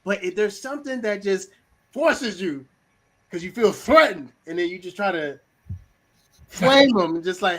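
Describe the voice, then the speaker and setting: Male host, casual slangy delivery, animated, slightly higher voice. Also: a little slow, long pauses, poor audio. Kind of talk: casual livestream talk on communication styles.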